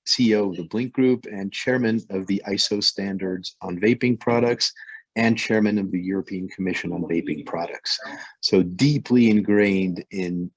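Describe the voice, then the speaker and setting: A man from France with a light French accent, a company CEO speaking on a panel, halting with many repeated words. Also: deep voice, slightly rough, no room sound, low-quality recording.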